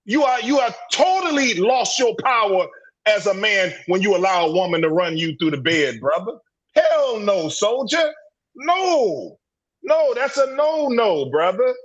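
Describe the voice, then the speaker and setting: A man's voice: high-pitched, expressive, normal speed, fairly bright tone, breathy edge, highs cut off. A man speaking in an impassioned group discussion on a livestream call, preachy and emphatic, repeating words and restarting his sentences. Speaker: panelist in a men's discussion group. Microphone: livestream video call.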